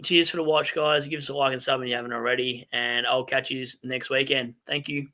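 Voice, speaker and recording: A man's voice: medium pitch, steady tone, brisk, sharp tone. An Australian man hosting a casual late-night livestream, reading viewer comments aloud in a rambling, chatty way and laughing at himself. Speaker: fantasy football stream host.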